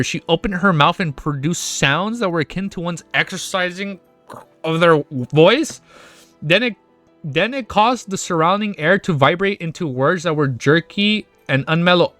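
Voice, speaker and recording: A man reading a web novel aloud on stream, breaking off into excited, profane reactions and laughter. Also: sits high, no room sound.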